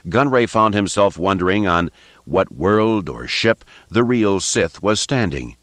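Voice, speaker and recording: A man reading a science fiction novel aloud as an unabridged audiobook narrator, in a measured, steady manner. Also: sits low, no echo. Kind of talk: scripted narration.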